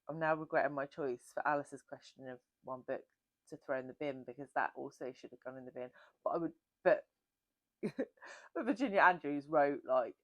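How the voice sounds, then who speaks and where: A woman's voice: deep voice, no room sound. A woman hosting a book channel, chatting casually and self-mockingly through a Q&A. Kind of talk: casual Q&A chat.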